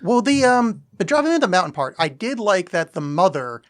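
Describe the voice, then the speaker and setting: A man's voice: sits high, big pitch swings, fairly quick, fairly bright tone. A man co-hosting a podcast, chatting about a movie in a blunt, offhand way with casual swearing. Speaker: podcast co-host. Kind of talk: casual film-review chat.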